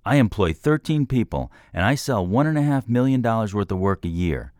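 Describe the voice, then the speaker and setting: A man's voice: fairly low pitch, animated, brisk, a little mellow, dry recording, clean studio sound, pitched above the performer's own voice, lightly acted. A man voicing a defensive, indignant male business owner in an audiobook, protesting and snapping back. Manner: raises his voice, protests, snaps back. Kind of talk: audiobook character voice.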